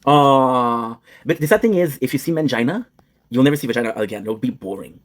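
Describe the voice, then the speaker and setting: Fast-talking young man, crude banter. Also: mid-range voice, animated. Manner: crude, rambling banter, switching between English and French. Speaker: streamer. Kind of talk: casual joking chat.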